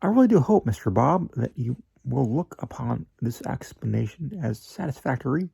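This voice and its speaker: A man's voice: medium pitch, very animated, moderate pace, gravelly, mellow, husky, no room sound, exaggerated voice. A man voicing a fawning, evasive male magazine editor who hedges, stalls and sometimes slips into a whisper. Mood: wheedling. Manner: wheedling, hesitant, drops to a whisper. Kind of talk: dramatic reading of a classic story.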